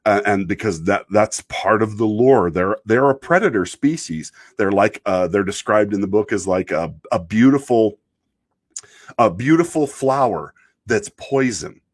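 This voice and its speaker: A man's voice: on the low side, animated, measured pace, breathy edge. A man from Idaho talking in a casual, rambling way, often stopping and restarting and joking as he hosts a chat. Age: adult, married. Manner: rambling, self-interrupting, joking. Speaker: show host reading chat.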